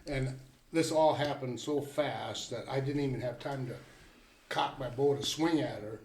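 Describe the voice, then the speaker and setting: A man's voice: mid-range voice, moderate pace, a little mellow, a little hiss or hum. An older man telling his story as a podcast guest in a plainspoken, folksy way. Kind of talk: casual storytelling. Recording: roomy echo.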